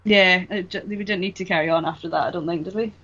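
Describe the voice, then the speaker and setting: Bright-voiced podcaster. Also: medium pitch, steady tone, fast, dull audio. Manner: easygoing, chatty. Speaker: podcast co-host. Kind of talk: casual chat.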